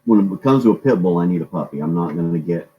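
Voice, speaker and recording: A man's voice: low voice, animated, fast, dull audio, a little hiss or hum. A man hosting a casual live-stream chat, rambling along and greeting his viewers by name.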